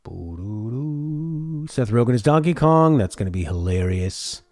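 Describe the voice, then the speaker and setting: A man's voice: on the low side, expressive, fairly quick, darkish tone, dry recording, studio quality. A man streaming a casual reaction chat, talking things over and reading viewer comments aloud before answering them. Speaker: streamer reacting to a game showcase.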